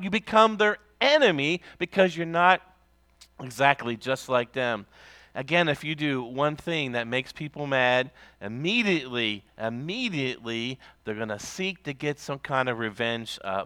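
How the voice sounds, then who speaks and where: A man's voice: on the high side, fairly bright tone, clean tone, no room sound. A man serving as pastor, delivering a sermon in a conversational storytelling manner with folksy asides.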